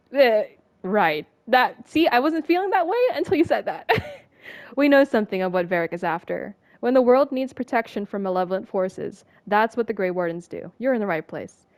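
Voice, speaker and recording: A woman's voice: mid-range voice, dry recording. A woman streaming a game, reading in-game text aloud with casual asides and frequent laughter.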